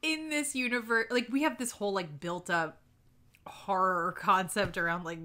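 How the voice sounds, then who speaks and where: A woman's voice: mid-range voice, moderate pace, pushed and bright. A woman co-hosting a podcast in casual chat, laughing often and filling her talk with "like.". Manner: chatty, giggly, lots of "like". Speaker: podcast co-host.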